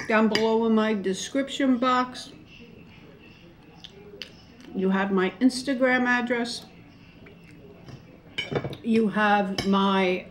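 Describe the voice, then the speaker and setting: A woman's voice: on the high side, slight background noise. A middle-aged woman chatting casually to camera during a mukbang, rambling and folksy. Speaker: mukbang vlogger. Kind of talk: casual chat to camera while eating.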